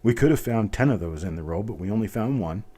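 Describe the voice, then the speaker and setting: Fast-talking and expressive, a Midwestern man in his fifties, with a general Midwestern American accent, hosts a live coin-hobby unboxing. His fairly low voice is warm with a breathy edge, and he keeps up folksy chatter and rambling side comments.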